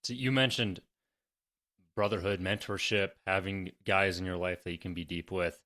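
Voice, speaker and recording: A man hosting a podcast interview, asking thoughtful questions in a measured way. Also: low voice, fairly even intonation, bright, forceful tone. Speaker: podcast host.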